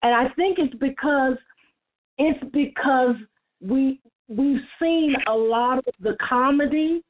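Earnest higher-voiced woman on a phone line. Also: slow pace. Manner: earnest, repeats words when starting a thought. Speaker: panelist on a church roundtable. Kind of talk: casual church discussion and personal testimony.

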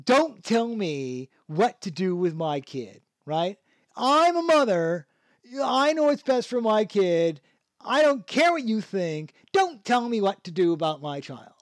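A woman's voice: medium pitch, big pitch swings, unhurried, dry recording. A man voicing a defensive new adoptive mother who talks in a snappish, scolding way. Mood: snapping.

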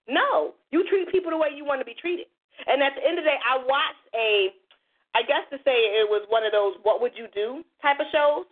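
A woman in her forties hosts a casual talk radio chat, telling stories in a blunt, profane, fired-up way. Her voice sits high, and the sound is narrow and tinny, like a phone line. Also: a little fast. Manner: blunt, profane, impassioned storytelling. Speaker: radio show host.

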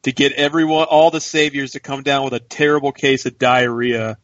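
A man co-hosts a casual podcast, rambling and joking, with frequent restarts in his sentences. His voice sits at a middling pitch and sounds dry and muffled, as on a lo-fi call. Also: level tone, normal speed, a bit bright, no room sound. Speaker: podcast co-host. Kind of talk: casual chat.

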